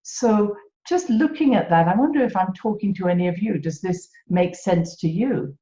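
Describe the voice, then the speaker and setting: A British woman hosting a reflective solo podcast, gentle and self-mocking, laughing often at herself. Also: mid-range voice, normal speed. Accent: British English. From Britain. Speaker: podcast host. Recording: echoey room, dull lo-fi sound.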